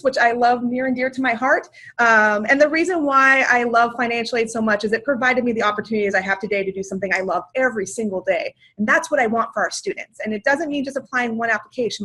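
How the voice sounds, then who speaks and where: A woman's voice: a little high, quick pace, bright, forceful tone. A woman giving a webinar on financial aid, talking in an upbeat, enthusiastic and chatty way with filler words. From Washington state, USA. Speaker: financial aid outreach presenter. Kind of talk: webinar presentation.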